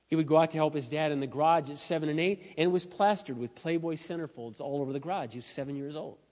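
A man preaching a sermon in a church, telling stories and building to loud, emphatic peaks. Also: fairly high pitch, quick pace. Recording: dull sound with long hall reverb.

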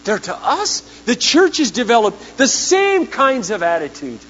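A man preaching a sermon as pastor, impassioned, swinging from hushed lines to shouting ones, in a large church auditorium over the sound system. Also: very high voice, wildly swooping pitch, a little slow, hardly any pauses. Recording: dull 1990s church tape with hall echo and hum.

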